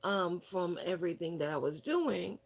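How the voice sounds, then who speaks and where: A woman who hosts a wellness channel tells stories casually, full of fillers and restarts, voicing other people's words with lively shifts. Her voice is lowish with vocal fry, and she moves at a moderate pace through this casual storytelling monologue.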